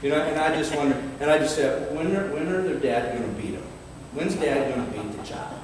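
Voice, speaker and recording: An older man preaching a sermon in a fiery, dramatic way, reading scripture slowly and emphatically and swinging between loud and quiet. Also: on the high side. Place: large church hall. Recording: echoey hall from far off, faint background noise.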